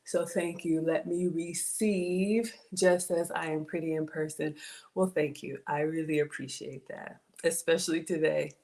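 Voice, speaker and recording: A woman's voice: low voice, flat delivery, normal speed, a little mellow. A woman with a Southern US accent hosting a casual cooking livestream, chatting with viewers and thanking them often, trailing off and restarting her sentences. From Southern United States.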